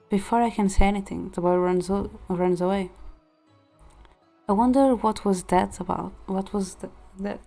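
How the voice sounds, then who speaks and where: A woman streamer reads a romance visual novel aloud in a mellow, warm voice at a middling pitch. She narrates expressively and drops in casual asides. Soft background music plays underneath.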